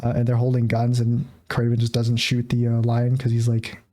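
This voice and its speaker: A man's voice: mid-range voice, completely flat delivery, normal speed, warm tone. A man co-hosting a casual movie review podcast, telling the story in a rambling way with lots of fillers. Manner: rambling, filler-heavy storytelling with frequent laughs. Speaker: podcast co-host.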